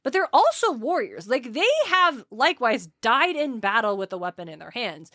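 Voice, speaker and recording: A woman co-hosting a podcast, retelling a book in a quick, animated way with frequent laughs. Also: fairly high pitch, no room sound, clean studio sound. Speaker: podcast co-host. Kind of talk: casual book discussion.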